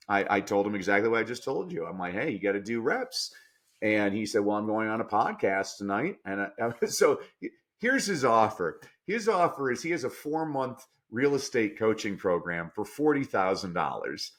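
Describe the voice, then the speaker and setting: A man speaking as a guest on a podcast, telling coaching stories with lots of energy, jumping from low asides up to loud, emphatic punchlines. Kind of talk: animated storytelling in a podcast interview.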